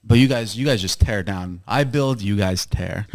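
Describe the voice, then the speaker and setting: A man's voice: lowish voice, normal speed, darkish tone, no room sound. A man co-hosting a podcast, teasing his friends and laughing often. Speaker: podcast co-host. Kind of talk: casual banter.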